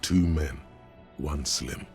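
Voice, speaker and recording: A man voicing a dry, calm inner-voice narrator in a game, speaking in a measured, gravelly way. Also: soft background music. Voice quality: deep and gravelly.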